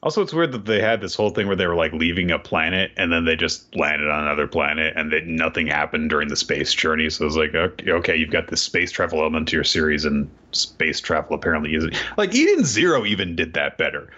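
A man's voice: extremely low pitch, animated, fast talker, hardly any pauses, sharp tone. A man co-hosting a casual manga podcast, rambling critically with lots of fillers. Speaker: podcast co-host. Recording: dull lo-fi mic.

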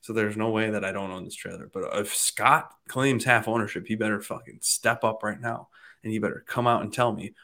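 A man with a voice sitting a touch low tells a long story in a loose, chatty way. He acts out the other people's lines as he goes and swears without a second thought. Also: fairly even intonation, brisk, vocal fry, pushed and bright. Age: adult, married. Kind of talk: casual storytelling chat.

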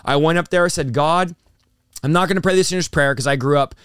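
A man's voice: fairly high pitch, quick pace, fairly bright tone, clear, resonant tone, dry recording, studio quality. Intense young man telling his story. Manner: intense, storytelling with acted-out quotes. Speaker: pastor and guest. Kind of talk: emotional testimony in an interview.

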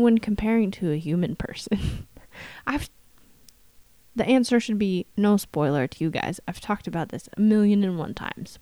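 A woman hosts her solo podcast in a hoarse, scratchy voice with a mellow, darkish tone. She sounds worn out, wry and self-deprecating, slipping little laughs between her phrases. The sound is dry and close, with no room around it. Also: mid-range voice, no echo. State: hoarse from shouting. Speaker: podcast host. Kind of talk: casual solo podcast monologue.

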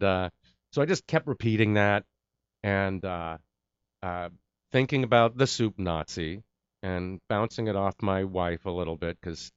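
A middle-aged man with a low, smooth voice tells a story in a relaxed chat and acts out the people he quotes. The sound is dry and a little dull. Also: dry recording. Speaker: actor telling a story.

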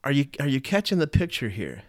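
A man's voice: mid-range voice, very animated, fairly quick. A man giving a casual, earnest Bible teaching, talking conversationally and often repeating and restarting his phrases.

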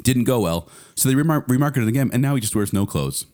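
A middle-aged man co-hosting a podcast in casual, playful chat, quick to laugh. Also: mid-range voice, lively intonation, a little mellow. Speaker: podcast co-host.

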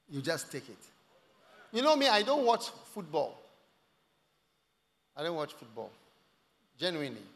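Bright, lively preacher in a big hall. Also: male voice, a little high. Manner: swings from hushed asides to loud shouted exclamations. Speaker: pastor. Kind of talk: sermon. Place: large church hall. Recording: long hall reverb.

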